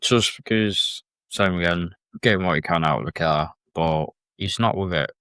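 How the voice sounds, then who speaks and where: A man's voice: deep voice, normal speed, bright, forceful tone, clear, resonant tone, dry recording. A man talking as a guest on a casual podcast, plain-spoken and a little hesitant. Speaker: guest presenter.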